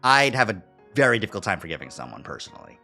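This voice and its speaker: A man's voice: on the low side, sing-song, quick pace, bright, forceful tone. A man streaming a video game, reading the narration aloud and making wry, joking asides. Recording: stream with faint game music.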